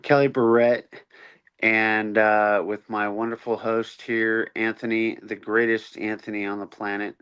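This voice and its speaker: A man's voice: on the low side, level tone, unhurried, fairly bright tone, clean tone. A man opening a live pet podcast, jovial and self-deprecating, joking about getting tongue-tied. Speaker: podcast host.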